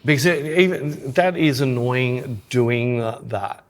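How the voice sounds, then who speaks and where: A man's voice: mid-range voice, slow. A man co-hosting a podcast, rambling and teasing in casual chat. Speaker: podcast co-host, photographer.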